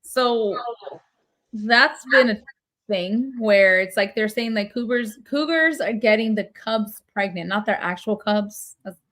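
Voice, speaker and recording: A woman's voice: mid-range voice, a little slow, fairly bright tone. A woman co-hosting a casual talk podcast, chatty and prone to sarcastic asides. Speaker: podcast co-host. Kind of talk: casual chat.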